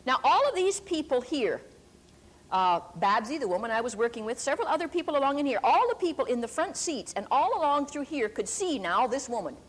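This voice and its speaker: An older woman preacher telling a testimony in a sermon, deliberate and emphatic, drawing out key words slowly. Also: high voice, sing-song. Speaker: preacher and Bible teacher.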